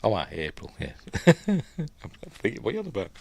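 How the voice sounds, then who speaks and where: A man's voice: fairly low pitch, huge pitch swings, quick pace, creaky, slightly rough. A middle-aged man with a Yorkshire accent hosts a casual film breakdown. He rambles, trails off and restarts while chatting with viewers. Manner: chats with live viewers while watching. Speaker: host.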